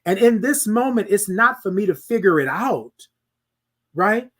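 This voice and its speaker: A man's voice: high voice, unhurried. A man hosting a casual monologue podcast, talking animatedly and preaching to listeners. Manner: animated, preachy, asks listeners "y'all feel me". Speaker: podcast host.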